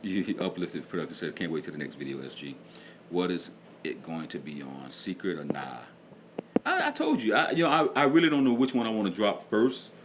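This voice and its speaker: Laid-back middle-aged man, lively swings. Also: low-pitched, fairly quick, very noisy. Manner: laid-back, chatty, reading out chat comments. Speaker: livestream host and music producer. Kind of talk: casual livestream chat.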